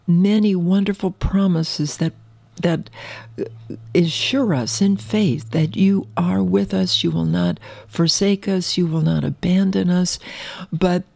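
A woman's voice: lowish voice, fairly even intonation, slow pace, vocal fry, darkish tone, no echo. A woman preacher praying fervently over her listeners and then teaching a sermon, earnest and direct. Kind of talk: prayer and sermon.

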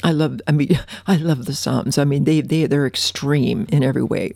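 A woman preaching a radio sermon, fervent and affectionate, reading scripture slowly. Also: low-pitched, creaky, a little mellow, no echo.

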